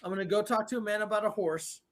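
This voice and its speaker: A man co-hosting a casual live drinking stream, trading jokes and clearing his throat often. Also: high voice, steady tone, fast, background noise. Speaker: co-host of a live beer-tasting stream.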